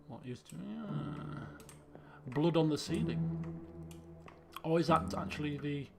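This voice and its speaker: A man's voice: on the high side, slow pace. A man streaming a detective game, thinking aloud and quizzing himself as he pieces clues together. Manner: muses and questions himself. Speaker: let's play streamer. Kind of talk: thinking aloud while playing. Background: game music.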